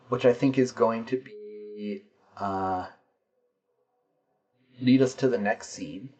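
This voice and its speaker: A man's voice: mid-range voice, takes it slowly, pauses often, mellow, husky, dull audio. A man playing a tabletop game solo, narrating the scene and explaining his dice rolls and rules as he goes.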